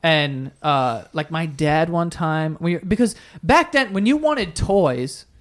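A young man with a high voice trades jokes on a podcast. His talk is loose and crude, rambling through stories with constant restarts. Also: expressive, slow pace. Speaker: podcast co-host. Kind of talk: casual chat.

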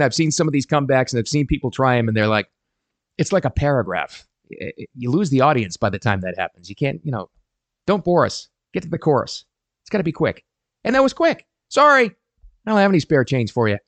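A middle-aged man giving casual advice to camera, animated and emphatic. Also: medium pitch, no room sound. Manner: animated and emphatic, quoting people in voices. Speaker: parenting advice vlogger.

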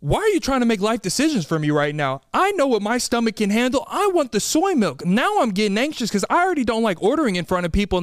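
A man hosting a podcast, telling comedic stories in an animated, exasperated way and acting out the people in them. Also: high voice, no echo, clean studio sound. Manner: animated, exasperated storytelling with quoted voices. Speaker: podcast host. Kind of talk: comedic storytelling monologue.

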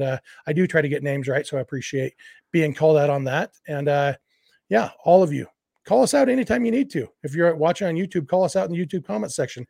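A man in his forties hosts a sports podcast, chatting conversationally with lots of "uh" fillers as he talks casually and reads ads. His voice leans high and darkish with vocal fry, and the sound is clean studio audio with no room echo.

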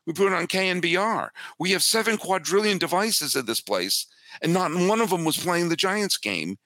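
A man guesting on a sports podcast, talking in an animated way and often repeating words as he builds his points. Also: high-pitched, normal speed, no echo, studio quality. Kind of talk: casual sports podcast chat.

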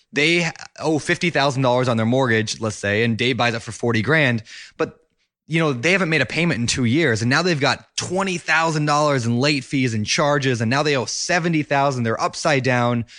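A male podcast host talks in loose, casual chat, filling his sentences with "like" and "uh". His voice sits at an ordinary pitch and sounds close and dry, with no room around it. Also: a bit bright, no room sound. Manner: chatty, many fillers like "like" and "uh".

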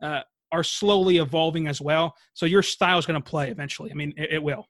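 Enthusiastic guest man, slightly higher voice. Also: steady tone, quick pace, fairly bright tone, dry recording, studio quality. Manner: enthusiastic, chatty. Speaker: podcast guest. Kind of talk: casual sports podcast chat.

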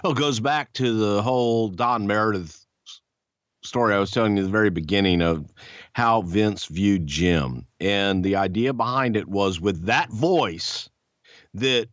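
A man with a Southern American accent telling a wrestling-business story, animated and swearing freely. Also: no room sound. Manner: animated, swears freely, acts out voices in a high pitch. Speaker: podcast guest. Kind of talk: casual storytelling. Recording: dull, lo-fi sound.

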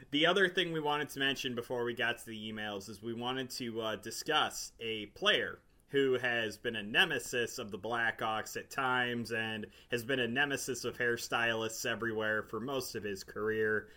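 A sports podcast co-host speaking bluntly and sardonically in casual hockey talk, quick to get irritated. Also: male voice, medium pitch, bright, forceful tone.

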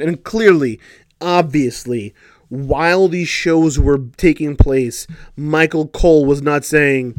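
A man's voice: fairly high pitch, a little slow, no echo, clean studio sound. Exasperated man recapping a wrestling show. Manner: exasperated, sarcastic, animated storytelling. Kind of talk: casual opinion commentary.

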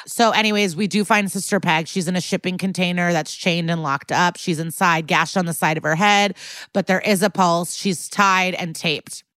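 A woman co-host talks through a TV episode in loose, profane chat, her voice sitting on the low side. She tells it with animated energy. The sound is dry and close, with no room around it. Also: moderate pace, no echo. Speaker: podcast co-host. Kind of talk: casual chat recapping a TV episode.

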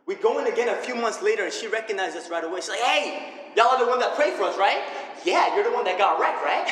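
A young man preaching a sermon full of personal stories, energetic and animated, laughing often. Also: sits high, brisk. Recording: echoey hall with faint ambience.

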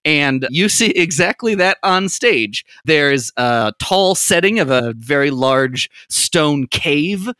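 A man narrating a tabletop game as game master, lively, laughing often and using many fillers. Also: a little high, takes it slowly, few pauses, clear, resonant tone, no room sound, clean studio sound.

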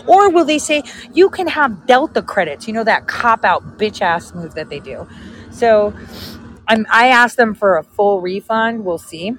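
A woman's voice: mid-range voice, expressive, measured pace, slight background noise, rough recording. A woman telling a story in a casual vlog, chatty and sarcastic, often laughing. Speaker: vlogger.

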